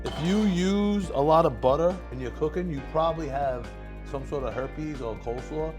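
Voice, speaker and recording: A man's voice: a little high, normal speed, over music. Brash, profane New man rambling. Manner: brash, profane, rambling storyteller who laughs at his own jokes. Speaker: comedic cooking host. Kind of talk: crude comedic cooking monologue.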